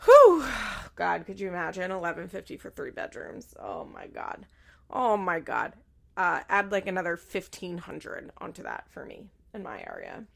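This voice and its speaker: A young woman casually recapping a reality show, gossipy and quick to laugh, acting out what people said. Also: lowish voice, big pitch swings, gravelly, fairly bright tone. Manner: gossipy, acts out quotes with laughs. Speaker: recap commentator.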